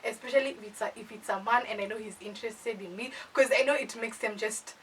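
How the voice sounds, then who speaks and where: The Kenyan storyteller talks fast in a fairly high voice, recorded from a distance with a little hiss or hum on a rough recording. She's a young woman with a Kenyan accent, playful and animated in a casual chat, dramatizing her storytime through acted asides.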